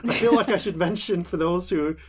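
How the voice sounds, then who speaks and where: Guy running a d&d podcast, bit high voice, jokey, keeps tripping over his words. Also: fairly quick. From Yorkshire, England. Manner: playful, laughing, stumbles and restarts. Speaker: host and dungeon master. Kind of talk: casual podcast banter.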